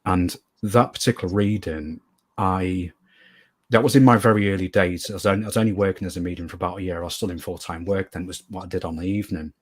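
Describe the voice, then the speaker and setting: A man's voice: deep voice, fairly even intonation, fast. A man being interviewed as a guest medium, telling a story earnestly and at length, often repeating phrases for emphasis.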